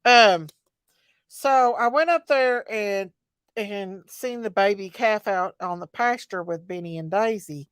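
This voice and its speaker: A woman's voice: medium pitch, slow, smooth, dry recording, clean studio sound. A middle-aged woman, hosting a casual livestream chat, greeting viewers by name in a folksy way. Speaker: livestream host.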